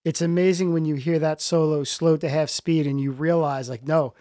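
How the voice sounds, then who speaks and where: A man chats casually as a podcast guest, rambling through his stories with plenty of fillers. His voice is on the high side for a man. The sound is dry and close. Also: steady tone, normal speed, dark tone, dry recording. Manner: rambling, lots of fillers and laughs. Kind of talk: casual chat.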